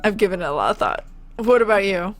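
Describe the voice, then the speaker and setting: Dry bookish teacher dad from a dating game, woman streamer reading him, wry and low-key. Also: very animated, fast talker, soft background music, natural voice. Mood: dry wit. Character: nerdy male teacher dad, dry and witty.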